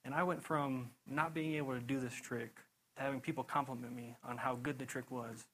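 A young man preaching in a loose, chatty way, piling on "you know" and laughing through his own stories. His voice sits at an ordinary middle pitch. A faint hiss of noise runs under the recording. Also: brisk, poor audio. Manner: rambling, animated storytelling with frequent "you know" and laughs. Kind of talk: casual sermon testimony.

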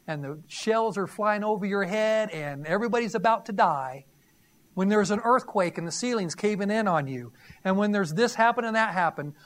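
A man's voice: high-pitched, fairly bright tone. A man preaching a sermon in a conversational way, reading scripture and asking the audience questions with a teasing, emphatic delivery. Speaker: pastor.

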